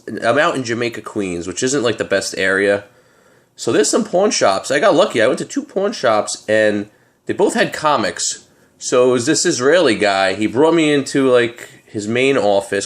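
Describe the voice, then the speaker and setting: A man spins a story for his vlog viewers in a casual, street-smart way. He sounds tired but stays animated, and his voice sits at an ordinary middle pitch. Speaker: comic collector vlogger.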